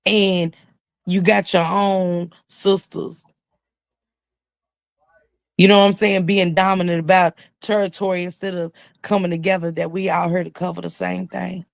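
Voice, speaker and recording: A woman's voice: fairly low pitch, little pitch movement, a little slow, gravelly, dry recording, studio quality. A woman talking as a YouTube commentator in a casual livestream chat, with emphatic, preachy storytelling.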